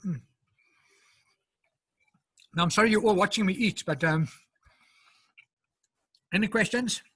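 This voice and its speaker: Husky high-voiced South African man. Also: a little slow, fairly bright tone, no room sound. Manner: chatty, explains step by step, eats while talking. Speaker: home cook presenting. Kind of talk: casual live cooking demo.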